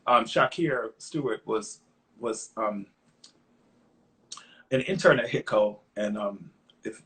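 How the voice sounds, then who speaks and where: A middle-aged man speaks as an interview guest in an easy, conversational way, spinning anecdotes and voicing the people in them. His voice sits at an ordinary pitch for a man. When he looks back, he turns earnest and openly emotional. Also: unhurried, pauses often. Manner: lively anecdotes, acts out others' lines in quotes. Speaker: guest songwriter.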